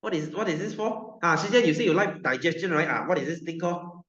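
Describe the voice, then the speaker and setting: He talks fast, with a little high, expressive and fairly bright voice: a male science teacher with a Malaysian English accent. While lecturing he jokes, repeats himself and shoots questions at the class. Expect a roomy classroom and dull, lo-fi audio.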